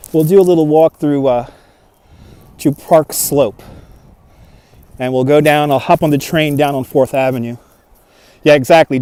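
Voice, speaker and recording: A man's voice: fairly high pitch, darkish tone, clear, resonant tone, no room sound. A man hosting a casual walking livestream outdoors in a snowy park, chatting and answering viewer comments while holding a phone on a gimbal. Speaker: livestream host. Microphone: phone on a handheld gimbal.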